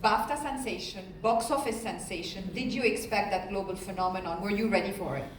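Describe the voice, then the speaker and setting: A woman interviewing a guest on stage at a festival, asking brisk, playful questions and joking with the audience. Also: mid-range voice, crowd noise. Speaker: interviewer, moderator. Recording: echoey room, distant mic, noise.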